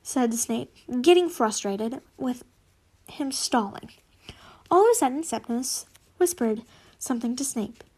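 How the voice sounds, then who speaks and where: Young woman, high voice, slow giggly read-aloud of fan fiction, trips and fixes her words. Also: lively intonation, a little mellow, breathy edge. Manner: giggly, stumbles and corrects herself.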